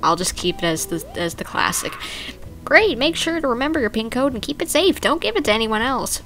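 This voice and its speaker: A woman's voice: a little high, sing-song, a little fast, fairly bright tone, faint music behind. A young woman playfully commenting on a video game as she plays, reading the on-screen text aloud. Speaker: let's play gamer. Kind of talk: casual gameplay commentary.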